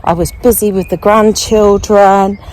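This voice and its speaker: An older woman chatting casually as she walks outdoors, getting out of breath, and thinking aloud in an unhurried way. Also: mid-range voice, fairly even intonation, darkish tone, low-quality recording. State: out of breath while walking. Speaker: vlogger. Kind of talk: casual walking vlog. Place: outdoors, walking.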